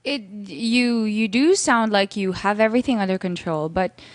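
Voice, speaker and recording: A woman's voice: medium pitch, normal speed, no room sound. A woman co-hosting a radio advice show, speaking earnestly and searching for her words. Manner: earnest, searching, with many restarts. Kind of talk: casual radio talk.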